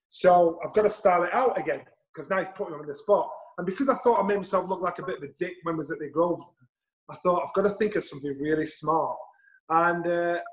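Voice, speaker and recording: A middle-aged man tells an anecdote with a fairly high voice for a man. He is lively and blunt, swears freely and acts out each quote. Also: rough recording. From England. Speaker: guest storyteller. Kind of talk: anecdotal storytelling.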